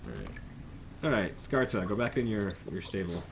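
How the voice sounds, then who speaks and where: A man's voice: on the low side, big pitch swings, normal speed, vocal fry, background noise. A man running a tabletop game as game master, talking casually and playfully with rambling restarts.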